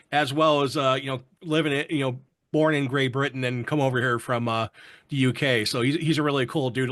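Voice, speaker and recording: A man's voice: fairly high pitch, a bit bright. A man hosting a casual online roundtable, chatting and greeting viewers from the chat. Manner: chatty, reads viewer comments aloud. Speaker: show host.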